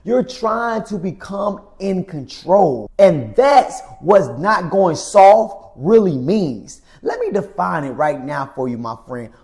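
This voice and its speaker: A man giving a slow, emphatic motivational talk to camera, preacher-like, often repeating "my friend" and dropping to a hush at phrase ends. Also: high voice, sing-song. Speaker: men's coach and channel host.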